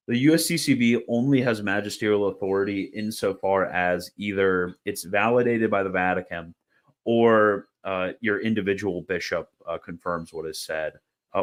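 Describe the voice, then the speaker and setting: A young man hosting a live stream, chatting casually and answering viewers' questions, rambling with fillers and laughing at comments. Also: lowish voice. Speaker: livestream host answering chat.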